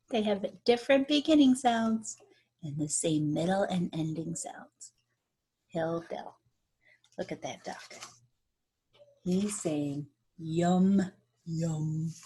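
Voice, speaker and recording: A woman teacher reads a rhyming picture book to children at an unhurried, deliberate pace. Her voice has a soft, breathy edge, and she stretches out key words for effect. She keeps stopping to quiz her young listeners on which words rhyme. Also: mid-range voice.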